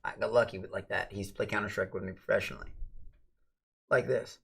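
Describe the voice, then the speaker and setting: A man's voice: fairly low pitch, fairly even intonation, quick pace, gravelly, a bit bright, husky. A man hosting a casual late-night livestream chat, talking bluntly and rambling, with plenty of swearing. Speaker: livestream host.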